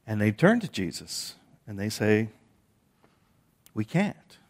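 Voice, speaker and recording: A man's voice: lowish voice, sing-song, takes it slowly. A man preaching a sermon, telling stories with frequent repeated words and restarts. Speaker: pastor.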